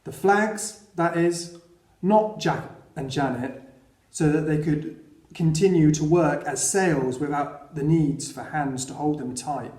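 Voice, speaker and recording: A man reading a children's novel aloud in a steady storytelling way. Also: fairly high pitch, slow pace, roomy sound. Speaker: audiobook reader.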